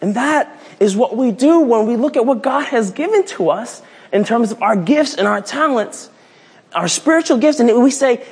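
A man's voice: very high voice, normal speed, slightly rough. A man preaching a casual, playful sermon, telling a story and often restarting his phrases. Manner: animated, rambling with restarts, playful.

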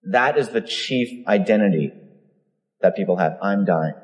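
A man's voice: fairly low pitch, normal speed. A man preaching a sermon, telling stories and acting out the voices he quotes. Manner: storytelling, animated, acts out quoted voices. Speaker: pastor. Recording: long reverb of a large hall.

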